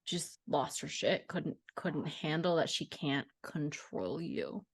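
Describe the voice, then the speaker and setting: A woman's voice: deep voice, animated, slow pace, vocal fry, husky, no room sound, clean studio sound. A woman astrologer on a video call who talks in a frank, reflective way and swears casually. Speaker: astrologer guest. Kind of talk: casual conversation.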